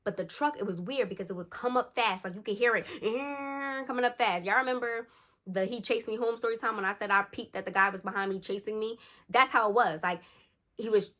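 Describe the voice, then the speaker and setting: A young woman vlogger telling a spooky storytime to her viewers in a casual, slangy, animated way. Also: mid-range voice, fast talker. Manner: animated, slangy, addresses listeners as y'all.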